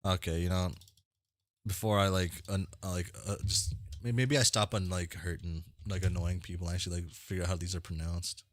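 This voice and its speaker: A man's voice: sits low, little pitch movement, a little fast, no echo. A man casually reading a webcomic aloud with rambling, self-mocking asides, stumbling over names. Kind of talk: casual read-along with commentary.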